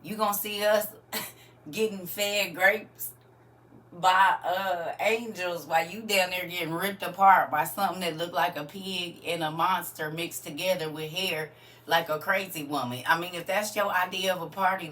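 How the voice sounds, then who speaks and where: A woman's voice: fairly low pitch, steady tone, normal speed, a bit bright. A woman hosting a casual livestream, chatting with viewers and often laughing as she answers their comments. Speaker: livestream host.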